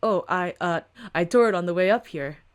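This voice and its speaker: A woman's voice: lowish voice, normal speed, natural voice. A woman reading a webtoon aloud, voicing a shaken young intern who stammers. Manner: hesitant, stammering.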